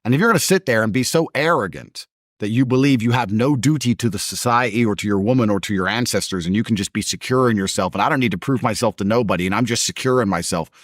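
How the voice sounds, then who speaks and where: A man's voice: on the low side, fast talker, no room sound, studio quality. A man talking as a podcast guest in a blunt, emphatic, mocking way. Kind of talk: podcast conversation.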